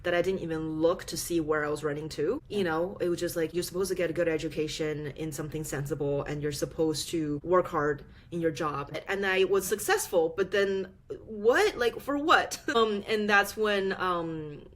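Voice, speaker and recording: Woman guest in her thirties, from China, fairly low-pitched voice, expressive storytelling, quick laughs, pitch leaping up when excited. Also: a little hiss or hum. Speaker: podcast guest. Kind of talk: casual interview chat.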